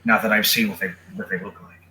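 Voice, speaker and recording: A lower-voiced man with a very bright, sharp tone plays in a tabletop game. He asks the game master questions and hesitates as he plans his moves. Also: steady tone, fast, poor audio. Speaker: player. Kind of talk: casual game chat.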